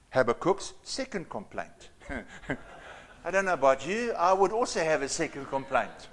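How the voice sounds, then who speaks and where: A man preaching a sermon as pastor, reading scripture dramatically and swinging between loud outbursts and hushed asides. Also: fairly high pitch, big pitch swings, moderate pace.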